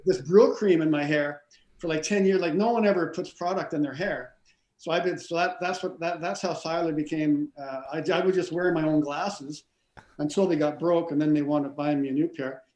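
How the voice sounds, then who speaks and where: Rambling, high-voiced middle-aged man telling stories. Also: moderate pace. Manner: rambling, animated, many restarts and stammers. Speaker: stunt coordinator and actor, interview guest. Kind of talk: casual storytelling interview. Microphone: video call. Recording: roomy echo.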